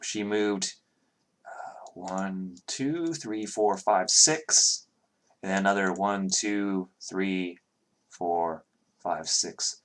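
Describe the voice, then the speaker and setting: Low-voiced man running a tabletop game. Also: very slow. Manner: loose and chatty, counting squares out loud. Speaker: game master.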